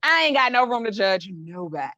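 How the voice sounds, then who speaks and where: A woman's voice: mid-range voice, sing-song, a little fast, pushed and bright, dry recording, highs cut off. A woman who works as a mindset coach, talking frankly and emphatically as a podcast guest. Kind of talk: casual podcast conversation.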